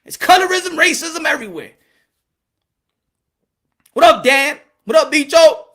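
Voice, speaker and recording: A man hosting a boxing channel, delivering impassioned, preachy commentary and switching between English and Spanish, rising to shouts when worked up. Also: very high voice, lively intonation, unhurried.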